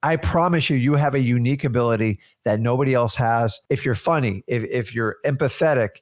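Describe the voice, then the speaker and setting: A man's voice: mid-range voice, a little fast. Earnest, emphatic male co-host. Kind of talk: motivational talk.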